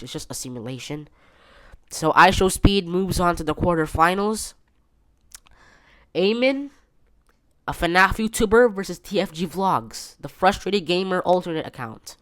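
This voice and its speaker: A man's voice: on the high side, a bit bright, smooth, no room sound, studio quality. A man hosting a casual solo podcast from his bedroom, rambling with many fillers and restarts. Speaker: podcast host.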